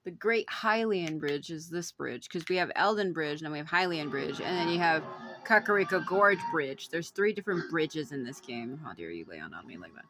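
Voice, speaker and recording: A woman's voice: lowish voice, moderate pace, a bit bright, slight background noise. A woman giving casual, chatty commentary while playing a video game, swearing freely and laughing easily. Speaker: let's play host. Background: game music.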